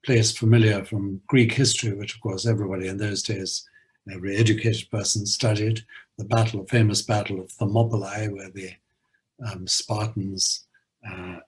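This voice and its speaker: A man lecturing on poetry at a university, hesitant, with many filler pauses. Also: fairly low pitch, darkish tone, breathy edge, low-quality recording. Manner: reads verse aloud in a measured rhythm.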